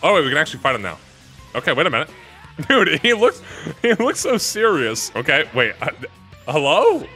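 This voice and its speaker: A young man giving casual gameplay commentary, loose and chatty and quick to laugh. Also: a little high, wildly swooping pitch, pushed and bright, soft background music. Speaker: gaming YouTuber.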